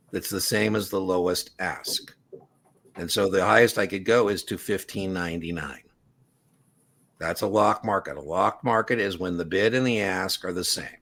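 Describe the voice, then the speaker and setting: Man, low voice, exam prep instructor, casual explaining, everyday analogies. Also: a bit bright. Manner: casual explanatory, uses analogies and acted quotes. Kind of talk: live online exam prep class.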